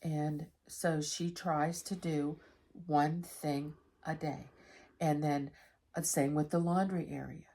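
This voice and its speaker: A woman's voice: low-pitched, steady tone, slow, warm tone. A middle-aged woman chatting candidly to camera in a home vlog, telling stories about her everyday life. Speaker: vlogger. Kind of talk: casual chat to camera.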